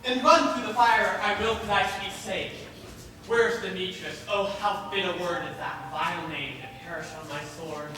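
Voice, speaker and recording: A man's voice: high voice, normal speed, pushed and bright. A man playing an impulsive young lover, declaiming verse on stage. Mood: passionate. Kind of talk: stage play performance. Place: school auditorium stage. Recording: echoey hall, distant mic, noisy.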